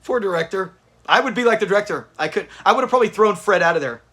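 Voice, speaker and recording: Livestream host, male, high and bouncy delivery, casual chat with viewers, quick to laugh. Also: lively intonation, sharp tone. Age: adult with kids. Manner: chatty, laughs often, talks to viewers in chat. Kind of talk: live watch-party reaction commentary.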